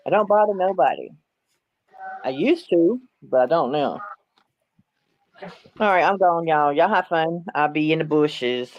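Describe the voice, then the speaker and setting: A woman's voice: low-pitched, lively intonation, unhurried, long pauses, dry recording, dull audio. A woman, speaking bluntly and defiantly as a guest on a casual live-stream panel.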